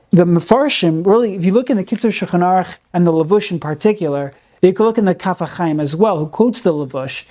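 A man's voice: high-pitched, mellow. A man teaching a recorded Torah class in an earnest, emphatic way, repeating key words for stress and peppering his speech with Hebrew terms.

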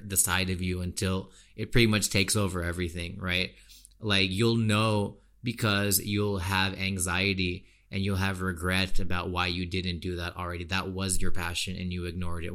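This American podcaster's voice is low-pitched and a bit bright, and his casual monologue turns into a blunt, slangy rant peppered with "dude" and "you know."

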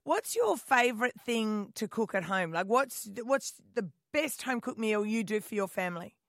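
A woman's voice: a little high, expressive, normal speed, no room sound, clean studio sound. A woman co-hosting a radio show, bubbly, asking questions and laughing often. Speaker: radio co-host. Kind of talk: casual radio interview.

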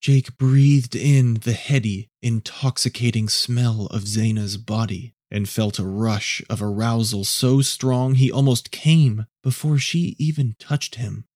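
A man narrates a scripted story in a measured, low-key delivery. His voice is mellow and warm, at a middle pitch. The sound is dry and close. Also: fairly even intonation, dry recording.

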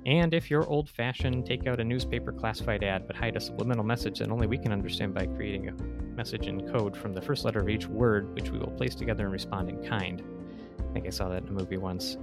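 A man's voice: lowish voice, quick pace, gravelly, loud music behind the voice. A man co-hosting a podcast, closing the episode in casual banter with dry humor. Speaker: podcast co-host.

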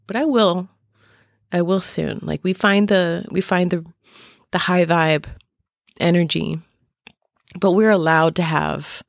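A middle-aged woman hosting a podcast, speaking haltingly with many fillers and restarts as she searches for words. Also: fairly low pitch, gravelly, no echo, studio quality. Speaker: podcast host. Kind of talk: personal podcast talk.

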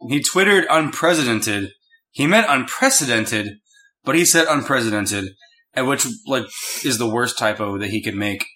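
A young man talks loosely on a casual podcast, rambling from one point to the next. His voice is bright and clear. He teases his co-host as they go. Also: mid-range voice, expressive, normal speed. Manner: chatty, rambling, teasing. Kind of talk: casual chat.

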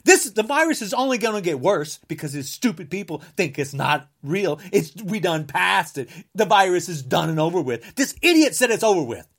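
Furious ranting man, lively swinging pitch. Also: normal speed, few pauses. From United States. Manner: furious, combative, repeats insults, bursts into shouting. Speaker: podcaster. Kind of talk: angry political rant.

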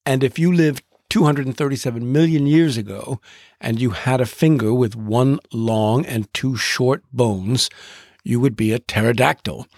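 A man hosting a podcast, narrating in a deliberate way and drawing out rhythms as he explains them. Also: mid-range voice, a little mellow, no room sound, clean studio sound. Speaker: podcast host.

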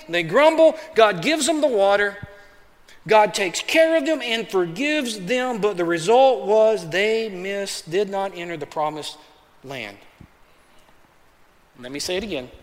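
A pastor with a high, light voice preaches in a casual, conversational way, calling his listeners "man" and slipping into quick acted voices. The sound rings through a big church hall with a long reverb tail.

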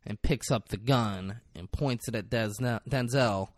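A man in casual podcast chat, retelling a film scene with animated, loud impressions and lots of swearing. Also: lowish voice, a little slow, dry recording, studio quality. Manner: animated, acts out quotes loudly, swears a lot.

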